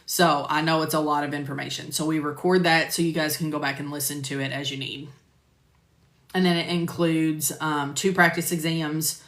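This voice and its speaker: Pitched low with little movement, this woman talks at a normal speed in a fairly bright tone. She's a medical coding instructor on a live stream, casually answering viewers by name between frequent fillers, heard through a phone or computer mic in an echoey room.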